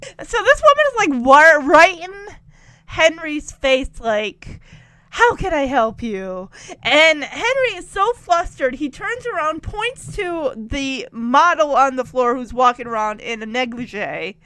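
Brief: animated woman narrator, casual recap, lively pitch, dry and close. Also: unhurried, no echo. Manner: chatty, animated, exasperated asides. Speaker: tv episode recapper.

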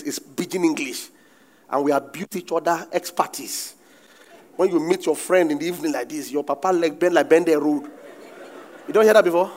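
A middle-aged man with a Nigerian accent, preaching a sermon as a pastor with animated delivery and bursts of shouting. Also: on the high side.

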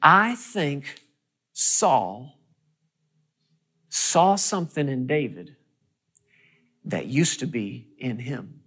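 A preacher delivering a sermon, asking the congregation questions and building to loud, high-pitched peaks. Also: animated, very slow, long pauses, breathy edge. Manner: asks the audience questions.

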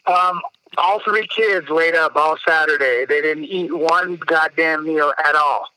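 Male guest, higher-pitched and bright, dry close mic, casual storyteller who swears freely. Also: measured pace, no echo, poor audio. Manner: blunt, swears freely, animated retelling. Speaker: podcast guest.

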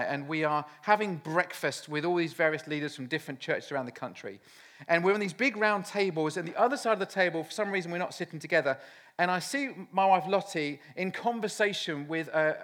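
Animated male preacher, high voice. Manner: animated storytelling, self-deprecating. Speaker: pastor. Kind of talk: sermon.

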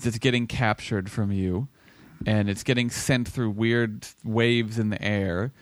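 A man's voice: fairly low pitch, fairly even intonation, measured pace, dry recording. A man co-hosting a podcast over a video call, chatting in a playful, digressive way. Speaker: podcast co-host. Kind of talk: casual podcast chat.

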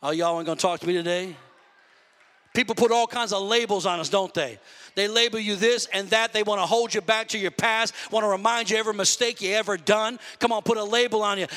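A man's voice: sits high, fairly even intonation, fairly quick, bright, forceful tone, long reverb tail. A man preaching a sermon to his congregation in a church, fervent and calling out to the listeners. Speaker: pastor. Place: church sanctuary.

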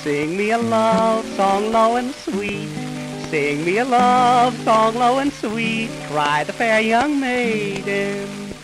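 A singer voicing a fair young maiden in a 1920s comic folk song, slowly repeating pleading sung lines. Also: mid-range voice, expressive, music in the background, rough recording. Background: band accompaniment.

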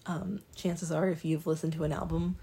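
A woman's voice: deep voice, little pitch movement, normal speed, warm tone. A young woman talking casually to the camera as a vlogger, rambling and self-deprecating with lots of ums and restarts. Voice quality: raspy, creaky. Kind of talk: casual monologue.

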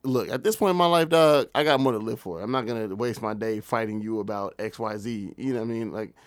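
Man, host, fast talker, dry close sound, animated storytelling. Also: lowish voice, no echo. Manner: animated, storytelling with quoted voices. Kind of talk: casual chat.

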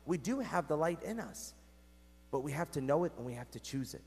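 A male priest preaching a sermon, telling stories in an animated way with wide swings in loudness and pitch. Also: brisk, vocal fry, breathy edge. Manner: animated storytelling with big swings in pitch and volume. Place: church. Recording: echoey church hall.

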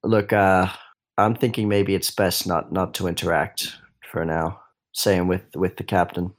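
A man playing a tabletop game, talking his way through his plans and often restarting. His voice sits a little low. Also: flat delivery, unhurried. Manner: thinking aloud, hesitant, many restarts. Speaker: player. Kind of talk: casual tabletop game play.

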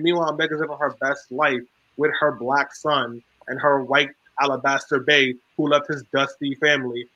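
A man with a somewhat high, bright voice sitting on a panel. He is sarcastic and provocative, firing off short punchy lines. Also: lo-fi sound. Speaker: panel guest. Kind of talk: casual panel discussion.

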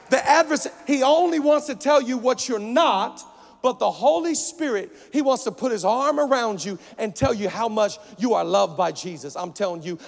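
A young man preaching a sermon at a conference, swinging between shouted lines and quieter storytelling. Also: high voice, gravelly. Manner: energetic, shouting punchlines then dropping to storytelling. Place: large conference hall. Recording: long hall reverb.

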